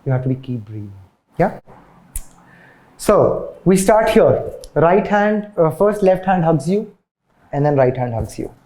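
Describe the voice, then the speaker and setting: Dance instructor, young man, a bit high and warm, chatty, checks in with the class. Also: expressive, a little slow, pauses often. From India. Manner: chatty, checks in with "yeah?" and "got it?". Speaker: dance teacher.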